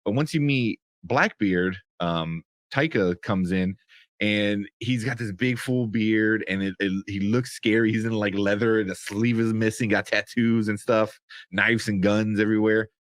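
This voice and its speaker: A man's voice: lowish voice, steady tone, measured pace, no echo, clean studio sound. A young man giving a casual spoken review of a show, rambling with lots of fillers and restarts.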